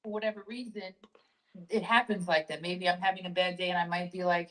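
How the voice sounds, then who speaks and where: A woman's voice: fairly low pitch, steady tone, a little fast, a bit bright, low-quality recording. A woman in a casual discussion, talking frankly and reflectively, swearing now and then. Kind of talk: casual chat.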